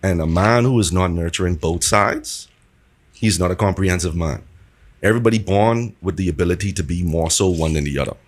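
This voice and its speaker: A man speaking as a podcast guest in a measured, reflective way. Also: sits low. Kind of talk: casual podcast conversation.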